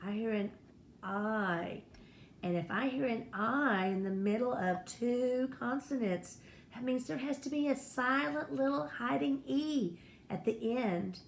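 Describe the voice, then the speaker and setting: Her voice is a little high and gravelly, and she takes her time as she patiently encourages young kids through a first-grade spelling and phonics lesson. The recording picks up room echo and slight noise.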